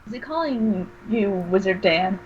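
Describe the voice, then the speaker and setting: A woman playing a tabletop game, answering with quick, blunt reactions. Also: mid-range voice, lively intonation, darkish tone, husky, dull audio. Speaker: player.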